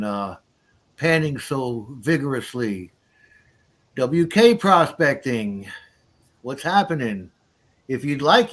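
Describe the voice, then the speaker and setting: A man hosting a casual livestream, relaxed and talking through what he is doing as he goes. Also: medium pitch. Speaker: livestream host. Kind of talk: casual live chat while panning.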